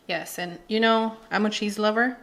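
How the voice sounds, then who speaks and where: A woman's voice: medium pitch, normal speed, vocal fry, a bit bright, slight background noise. Home cooking host, woman, 30s, playful and chatty, tosses in Spanish words. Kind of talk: casual cooking demonstration. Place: home kitchen.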